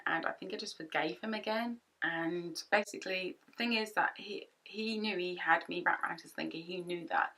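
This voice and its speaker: A young woman chatting to camera from her home office, retelling a past relationship with animated quoted asides. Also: on the low side, vocal fry. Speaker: vlogger. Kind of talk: storytime vlog. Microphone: camera-mounted shotgun mic.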